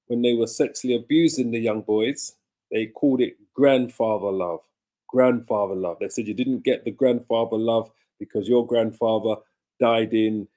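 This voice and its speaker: Mellow-voiced man commenting emphatically. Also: fairly low pitch. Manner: emphatic, repeats and explains points. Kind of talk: commentary on a played clip.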